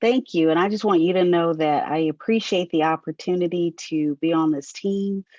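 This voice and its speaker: Woman guest, low voice, affirming and praising, dry lo-fi audio. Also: normal speed, no room sound. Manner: warmly affirming, repeats praise. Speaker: guest and team member. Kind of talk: interview conversation.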